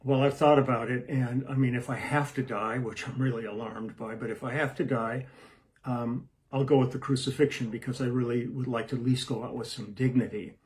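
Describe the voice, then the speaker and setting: A man's voice: mid-range voice, steady tone, brisk, slight background noise, natural voice. A man voicing Jesus as an alarmed, hesitant young man in a spoken joke. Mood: resigned.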